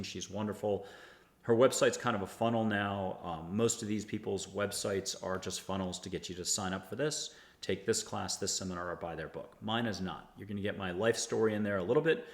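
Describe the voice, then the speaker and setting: Lowish-voiced american guy rambling on about spirit stuff, echoey room over a video call. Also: fairly quick. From United States. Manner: rambling and enthusiastic, guiding listeners through exercises. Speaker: host. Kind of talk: casual spiritual talk.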